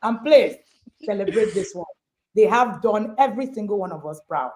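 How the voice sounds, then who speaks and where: A woman's voice: mid-range voice, expressive, moderate pace, a little mellow. A woman hosting a panel chat, introducing guests with encouraging words. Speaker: host.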